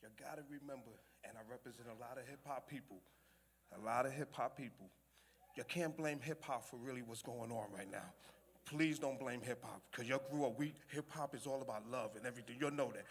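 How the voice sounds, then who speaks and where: A man's voice: medium pitch, fairly quick. A man from the South Bronx speaks in a loose, pleading way to a gathered crowd. Faint noise sits under his voice. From South Bronx, New York. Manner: pleading, informal. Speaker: entertainment promoter.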